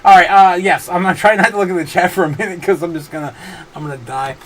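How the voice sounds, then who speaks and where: A man's voice: high-pitched, fairly even intonation, fast talker, a little hiss or hum. A man hosting a casual livestream, reading viewer chat and rambling, often breaking into helpless laughter. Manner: rambling, many fillers and restarts. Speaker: livestream host.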